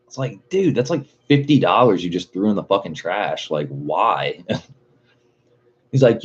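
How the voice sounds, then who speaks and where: A man's voice: on the low side, expressive, unhurried, breathy edge. A man hosting a livestream, chatting casually with lots of swearing and a loose, rambling manner. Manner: rambling, swears constantly, chuckles often. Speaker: livestream host. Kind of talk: casual profane livestream chat. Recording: dull lo-fi stream audio.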